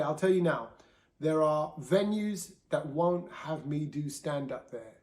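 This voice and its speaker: In a reverberant space, a male podcast host with a fairly high but darkish-toned voice speaks candidly on his own about himself. His manner is chatty and open, with laughs and bits where he imitates other people's voices.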